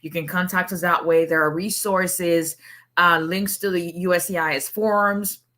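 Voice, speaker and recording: A middle-aged woman from Africa, an immigration lawyer hosting a casual livestream, chatty and quick to laugh as she digresses. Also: fairly low pitch, fairly even intonation, sharp tone.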